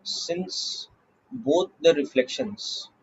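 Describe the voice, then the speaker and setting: A man with an Indian English accent teaching a physics class, explaining slowly and checking in with "okay" often. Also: high voice, wildly swooping pitch, vocal fry, husky, highs cut off. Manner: slow, deliberate explaining with frequent "okay" checks. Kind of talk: classroom lecture.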